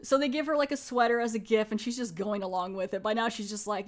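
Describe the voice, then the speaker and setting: A woman's voice: medium pitch, fairly even intonation, fast talker. A woman casually reviewing a horror anthology film, retelling scenes in a chatty way with quoted lines. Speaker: movie reviewer.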